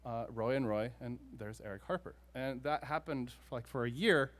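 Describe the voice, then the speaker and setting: A man with a Southern US accent, a singer-songwriter telling stories between songs on stage, chatty and self-deprecating with quick asides. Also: medium pitch, fairly bright tone. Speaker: singer-songwriter performing live. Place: live music venue showroom. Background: faint guitar.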